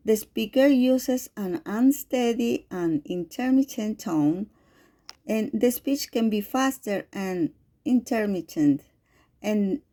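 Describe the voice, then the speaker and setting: Slow, mellow-voiced woman teaching. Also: medium pitch. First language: Spanish. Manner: slow, careful delivery. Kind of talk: lecture reading with spoken examples.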